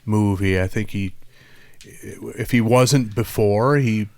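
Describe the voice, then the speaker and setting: A man co-hosting a podcast in casual chat, rambling with halting restarts and frequent laughs. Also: lowish voice, vocal fry, a little mellow, dry recording. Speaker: podcast co-host.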